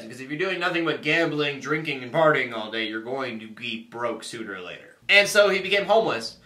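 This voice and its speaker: Bright-voiced young man in an echoey room. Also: on the high side. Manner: chatty, lots of "like" fillers, acts out characters' lines. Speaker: host of a faith video show. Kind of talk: casual retelling of a Bible story.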